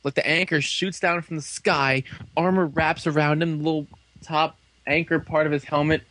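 A man casually recapping an episode for friends, animated and full of fillers, slipping into quick voices for the characters. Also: a little high, dry recording. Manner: animated storytelling, fillers and quick acted quotes. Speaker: fan reviewer recapping an episode.

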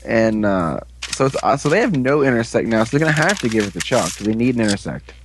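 Casual podcast guy, mid pitch, talks in loose, halting runs and laughs a lot. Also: very animated, noisy background. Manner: rambling, halting, laughs often. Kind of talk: casual chat about a TV show.

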